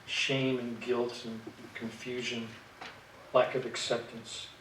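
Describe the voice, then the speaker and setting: A man's voice: medium pitch, little pitch movement, fairly bright tone, slight background noise. Man lecturing in an echoey room. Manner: measured, reflective, with fillers and restarts. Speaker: workshop presenter, therapist. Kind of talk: lecture to clinicians. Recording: echoey room, distant mic.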